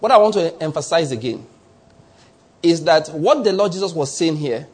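Nigerian pastor guy preaching, kinda husky, a bit high, stretches words out. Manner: animated preaching, drawn-out emphasis, chuckles. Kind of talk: sermon.

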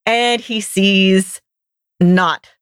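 A woman's voice: mid-range voice, extremely slow, smooth, no echo. Chatty woman podcast co-host. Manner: chatty, laughs easily. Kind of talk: casual chat.

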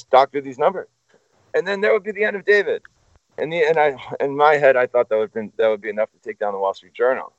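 A low-pitched man tells a story as a guest in a casual chat, cursing freely and wandering off on tangents. He sounds profane, animated and rambling. The audio is dull, lo-fi and dry, with no echo.

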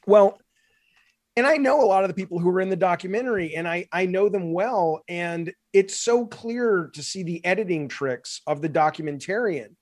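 Animated man, slightly higher voice. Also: normal speed, no echo, clean studio sound. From Alabama. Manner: animated, profane, acts out quotes. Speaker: game developer guest. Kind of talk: casual conversation.

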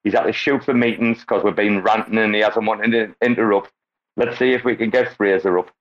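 A man's voice: fairly low pitch, fairly even intonation, a little fast. Man, host, boisterous, swears, laughs, lo-fi online audio. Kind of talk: casual chat. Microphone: online audio room.

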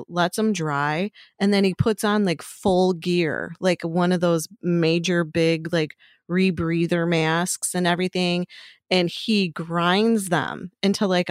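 Middle-aged woman, casual podcast chat, crude jokes, lower voice, dry close sound. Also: dry recording. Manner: chatty, crude, laughs often.

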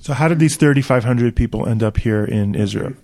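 A man's voice: mid-range voice, a little fast, dark tone. A man hosting a talk show, asking casual questions with a joking manner. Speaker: host. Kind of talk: podcast interview.

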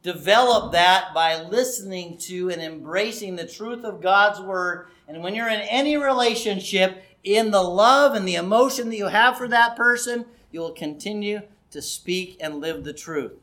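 A man's voice: sits high, normal speed, hardly any pauses, sharp tone. A middle-aged male pastor giving an earnest, conversational sermon that builds to raised emphasis.

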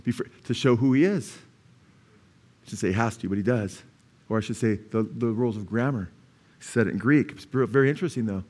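A man's voice: medium pitch, a little fast, darkish tone. A pastor preaching a Bible teaching to his congregation, emphatic and full of rhetorical questions. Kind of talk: sermon. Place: church.

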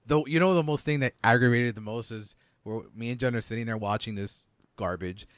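A man's voice: mid-range voice, a little fast, dry recording. Male co-host, blunt casual talker who swears, dry close sound. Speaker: podcast co-host. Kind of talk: casual chat about movies.

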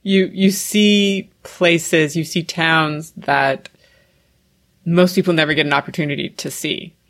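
A woman's voice: deep voice, fairly even intonation, measured pace, a bit bright. A woman interviewer in casual conversation, giving brief agreeing replies.

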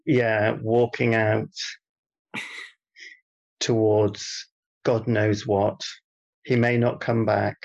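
Male comic co-host: gravelly fry, deadpan teasing, muffled lo-fi audio. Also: lowish voice, drawn-out words, long pauses. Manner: dry, teasing interviewer. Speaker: podcast co-host. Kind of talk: deadpan comedic banter.

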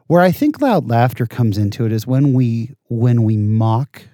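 A man in casual conversation as a guest, telling animated, self-deprecating anecdotes. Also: medium pitch, a little slow, no echo, clean studio sound.

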